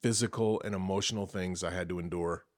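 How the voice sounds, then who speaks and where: A man, an actor guest on a podcast, chatting casually and telling animated stories. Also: sits low, fast. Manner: animated storyteller, acts out quoted voices.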